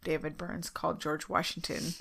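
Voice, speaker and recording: A woman's voice: deep voice, little pitch movement, normal speed, gravelly, fairly bright tone. A woman co-hosting a podcast, telling a ghost story casually and laughing, swearing freely. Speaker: podcast co-host.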